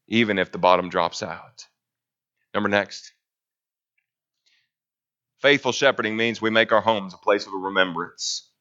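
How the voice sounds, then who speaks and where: A man's voice: mid-range voice, pushed and bright, muffled recording. A man preaching a sermon in a conversational way, often asking rhetorical questions.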